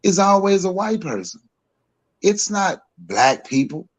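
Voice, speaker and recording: A man, co-hosting a podcast and giving his opinions emphatically, repeating himself and climbing higher as he gets worked up. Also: big pitch swings, measured pace. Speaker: podcast co-host. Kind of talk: heated opinion talk.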